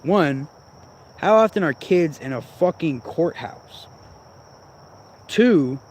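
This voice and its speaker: A man talks straight into his own vlog, rambling and swearing freely with a grumbling, irritated edge. His voice sits at an ordinary middle pitch. Crickets and insects chirp faintly behind him outdoors. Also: a little mellow, slight background noise. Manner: profane, rambling, irritated ranting. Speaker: vlogger.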